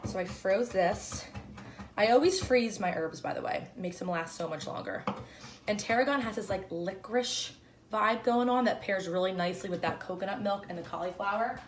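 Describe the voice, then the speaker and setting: A woman's voice: medium pitch, moderate pace, recorded from a distance, slight background noise. A young woman hosting a home cooking video, chatting casually and upbeat as she walks through a recipe and corrects herself as she goes. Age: young adult. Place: home kitchen. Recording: roomy kitchen sound from off-mic.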